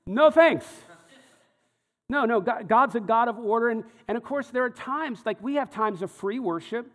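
A male pastor teaching a sermon, reading scripture aloud and explaining it conversationally. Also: high voice. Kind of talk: sermon teaching through a Bible passage. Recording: long hall reverb.

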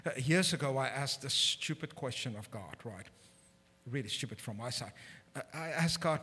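Male preacher, sermon, bright tone, husky edge, animated with loud emphatic peaks, long hall reverb. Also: medium pitch, normal speed. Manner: humorous, self-deprecating asides.

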